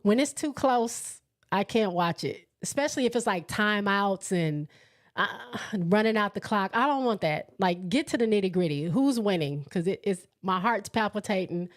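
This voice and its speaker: At medium pitch and a moderate pace, a woman runs a casual live sports chat, reading viewer comments. She laughs often and keeps an excitable, chatty energy.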